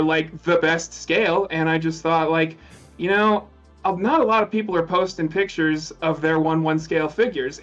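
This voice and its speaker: A man's voice: fairly high pitch, fairly bright tone. A man calling in as a guest, talking candidly and ramblingly, with a lot of swearing. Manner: candid, rambling, profane, halting. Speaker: caller and guest. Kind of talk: casual chat on a call. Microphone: call audio. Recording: dull lo-fi call audio.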